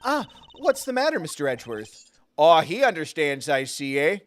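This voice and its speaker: A man's voice: on the high side, sing-song, normal speed. A man voicing a snooty Canadian-accented man, exaggerated and tagging lines with "eh", while reading game dialogue aloud. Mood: gossipy. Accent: put-on Canadian. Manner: exaggerated "eh"-tagged delivery.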